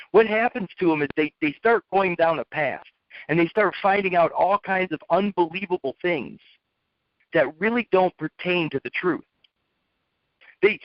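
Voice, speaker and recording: A man's voice: a little high, dry recording. A man telling a rambling story to make a point, blunt, often repeating and restarting his words. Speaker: speaker telling a lesson story. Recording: dull lo-fi, dry.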